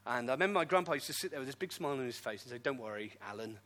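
A middle-aged man, a pastor, telling his story in a sermon with lively, self-deprecating humor. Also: medium pitch, rapid-fire. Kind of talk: testimony sermon.

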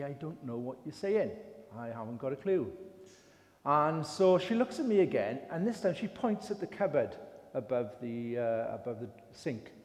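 In a reverberant hall, an older lay preacher with an English accent tells a story in an informal sermon, chatty and poking fun at himself. His voice is a little high with a darkish tone.

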